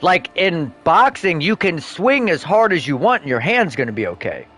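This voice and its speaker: Soft music plays behind a slightly high male voice moving at a moderate pace. He's streaming a game and telling stories in easygoing, animated talk full of swearing and sudden laughter.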